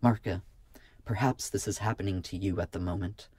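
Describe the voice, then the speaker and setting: A man voicing a young male healer and warrior monk in an audiobook, speaking in a solemn, measured way. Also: low-pitched, darkish tone, husky, no echo.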